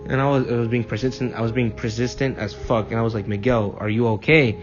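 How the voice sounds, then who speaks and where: A man's voice: medium pitch, steady tone, fast, a little mellow. A young man telling profane, rambling anecdotes in a casual chat with a friend. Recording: dull lo-fi mic, faint music.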